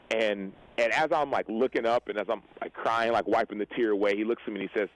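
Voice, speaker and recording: A young man and football player telling a personal story in an interview, earnest and animated, acting out the dialogue he quotes. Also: fairly low pitch, fast, few pauses, rough recording. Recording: radio show broadcast audio.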